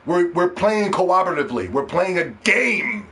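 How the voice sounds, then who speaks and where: A man hosts a casual gaming podcast with an animated, profane rant. His voice sits a little high for a man, and he mocks other people in put-on voices. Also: normal speed. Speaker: podcast host.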